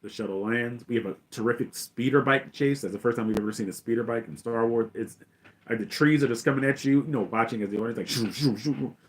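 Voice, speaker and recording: A middle-aged man hosting a casual film recap, excitedly retelling scenes in a rambling way with many fillers. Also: medium pitch, quick pace. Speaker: host.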